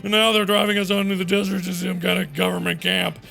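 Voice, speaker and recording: A man's voice: high voice, flat delivery, quick pace, vocal fry, exaggerated voice. A man voicing a frantic, paranoid male passenger who rants in a panic. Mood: panicked. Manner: shouting, panicked.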